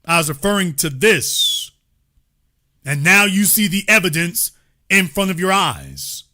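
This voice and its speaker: Male commentary host, high and very bright voice, emphatic and repetitive delivery. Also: very animated, a little slow. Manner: emphatic, repeats key points, lectures the audience directly. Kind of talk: political commentary monologue.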